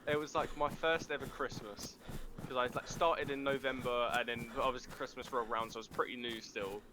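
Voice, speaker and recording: A man's voice: medium pitch, steady tone, a little fast, background noise. A young man chatting casually while playing a game online, telling rambling stories with plenty of swearing. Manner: rambling storyteller, loose and swearing. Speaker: fellow player. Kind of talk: casual chat while gaming.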